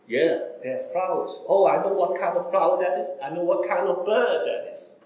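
A man preaching a sermon, asking his listeners question after question, with big swings between loud and soft. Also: moderate pace. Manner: repeated rhetorical questions to listeners, wide dramatic swings in pitch and loudness. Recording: echoey room.

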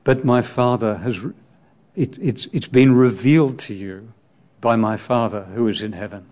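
A man's voice: mid-range voice, normal speed, darkish tone. A man preaching a sermon on scripture, reflective and explaining the text, asking his listeners direct questions.

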